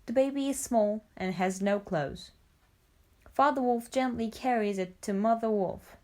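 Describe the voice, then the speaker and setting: A woman narrating a storybook for language learners, reading clearly and deliberately. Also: on the high side, darkish tone. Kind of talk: graded-reader storybook narration.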